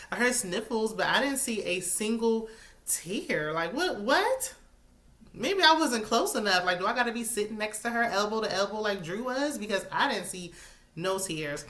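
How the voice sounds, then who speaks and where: A woman hosting a reality TV recap in a casual, sassy chat, with sudden high-pitched exclamations. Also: sharp tone.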